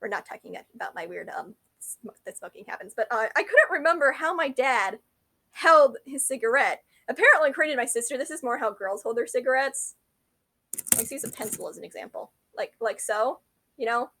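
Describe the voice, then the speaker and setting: A woman's voice: fairly high pitch, lively intonation, brisk, bright, forceful tone. A young adult woman telling a rambling, self-deprecating story to camera, often correcting herself mid-sentence. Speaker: vlogger.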